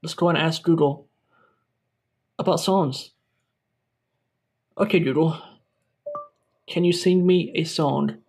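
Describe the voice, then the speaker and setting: A young man hosts a tongue-in-cheek tech review, gushing and over-dramatic. His voice sits a little high for a man. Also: fairly even intonation, slow, long pauses, darkish tone. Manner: over-dramatic, exaggerated enthusiasm. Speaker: tech YouTuber. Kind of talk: mock-serious product review skit.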